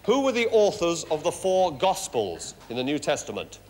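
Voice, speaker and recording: A man hosting a children's game show, jokey and brisk, in a television studio with long reverb. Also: a little high, very animated, darkish tone, slight background noise. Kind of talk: lively game show presenting.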